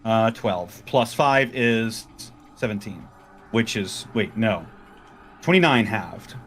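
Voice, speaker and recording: A man's voice: on the low side, lively intonation, slow, soft background music. A man playing a tabletop role-playing game, chatting casually and laughing a lot as he describes his character's actions. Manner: laughing, playful. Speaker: player.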